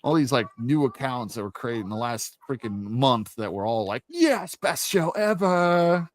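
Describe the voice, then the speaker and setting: A man's voice: medium pitch, moderate pace. A young man ranting in a casual monologue, blunt and heavy with swearing, as an indie author promoting his book. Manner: profane, blunt and animated. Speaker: indie author and channel host.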